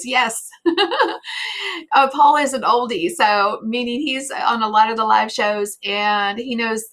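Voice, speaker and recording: A woman's voice: a little high, bright, forceful tone. A woman from the United States hosting a live online show, chatty, with many fillers and restarts. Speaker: host. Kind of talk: live-stream chat.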